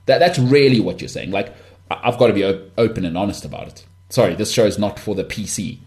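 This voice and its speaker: Man, Johannesburg South African accent, podcast host, candid solo rant, blunt, rambling asides, fairly low voice. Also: fast, darkish tone. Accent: South African, Johannesburg northern suburbs.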